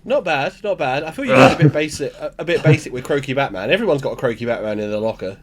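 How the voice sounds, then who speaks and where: A man co-hosting a podcast, chatting casually with animated, jokey banter. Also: medium pitch, fast talker, heavy background noise. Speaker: podcast co-host. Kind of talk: casual chat.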